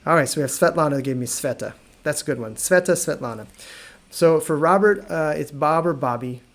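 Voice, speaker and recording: An American man teaching an online English lesson, repeating words slowly and joking with viewers. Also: on the high side, a bit bright. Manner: slow careful repetition of words, friendly and joking.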